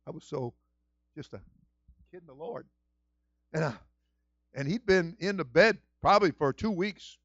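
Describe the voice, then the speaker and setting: A middle-aged male pastor preaching a sermon with passion, moving between hushed storytelling and shouted exclamations. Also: sits high, no echo. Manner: exclaims "whew" and "woo".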